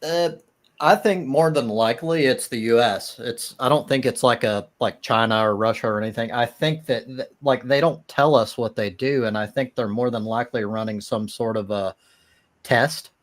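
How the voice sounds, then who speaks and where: A man's voice: medium pitch, normal speed. Hesitant man arguing a point. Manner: hesitant, many restarts and fillers, laughs at the idea of souls. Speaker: atheist guest in a live-stream debate. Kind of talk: casual debate chat.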